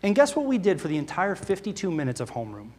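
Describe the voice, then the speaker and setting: A man's voice: high voice, huge pitch swings, fast talker, darkish tone. A man preaching a sermon, earnest and full of rhetorical questions, reading scripture aloud between his own remarks. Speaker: pastor. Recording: long reverb of a large hall.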